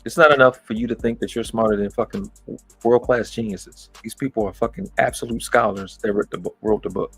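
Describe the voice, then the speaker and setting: A man's voice: lowish voice, steady tone, fairly quick, gravelly, slightly rough, no echo, faint music behind. A man hosting a livestream, ranting angrily and mocking his critics with heavy profanity. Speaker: livestream host. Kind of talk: angry ranting monologue.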